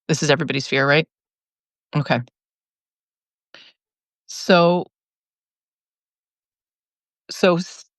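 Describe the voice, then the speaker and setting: A woman's voice: lowish voice, no room sound. Laughing, chatty woman on a live stream. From lived in Chicago, now in California. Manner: animated, laughs often, restarts sentences. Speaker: host reading viewer comments. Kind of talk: casual live-stream talk.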